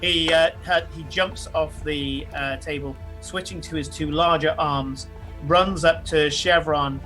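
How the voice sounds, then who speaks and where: A man's voice: on the high side, steady tone, a little slow, bright, forceful tone, soft background music. A man narrating a tabletop role-playing game as game master, descriptive and full of fillers.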